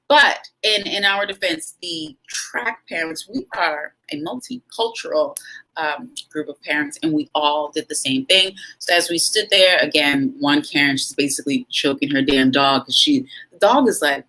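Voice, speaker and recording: Frank, animated woman telling a story. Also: sits low, rough recording. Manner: frank and animated, with dramatic pauses and asides to viewers. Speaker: vlogger. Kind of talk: casual storytelling to camera.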